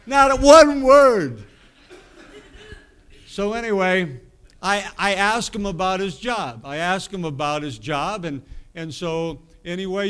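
A man's voice: high-pitched, a bit bright. Folksy man telling a sermon story. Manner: folksy, rambling anecdotes with self-amused laughter. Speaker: preacher.

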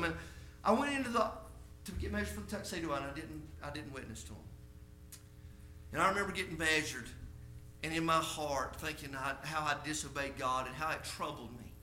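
A male preacher telling a personal story in a sermon, going from soft storytelling to shouted conviction. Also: a little high, a little fast, a little hiss or hum.

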